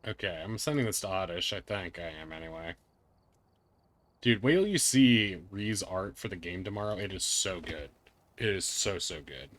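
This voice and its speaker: A man's voice: low-pitched, animated, normal speed, fairly bright tone. A man hosting a live game stream, chatting and joking with friends and viewers. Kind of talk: casual live-stream chat.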